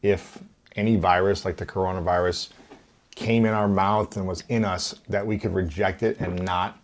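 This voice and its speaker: A man's voice: deep voice, steady tone, moderate pace. A man interviewing a doctor, reacting eagerly and asking questions in casual chat. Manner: eager, reacts with short exclamations.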